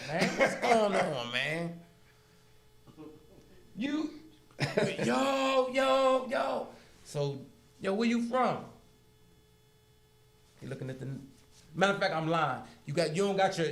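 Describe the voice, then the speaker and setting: A man's voice: on the high side, roomy sound. A man from Harlem, New York, a guest in a casual interview, telling stories animatedly and acting out voices with frequent laughs. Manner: animated, acts out prison dialogue, laughs often.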